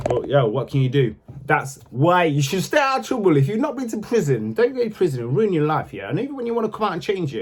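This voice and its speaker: Swearing young man, slightly high voice. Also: breathy edge. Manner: blunt, swears freely, rising to angry outbursts and sinking to quiet regret. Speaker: vlogger telling his own story. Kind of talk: casual storytelling to camera.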